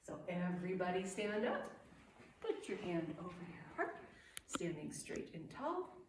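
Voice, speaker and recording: A woman talks slowly and gently to small children, leading a circle-time lesson and leaving pauses for their answers. Her voice carries a heavy room echo, picked up from a distance with a faint hiss underneath. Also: fairly low pitch, sing-song. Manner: gentle, sing-song, pausing for children's answers. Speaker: preschool teacher.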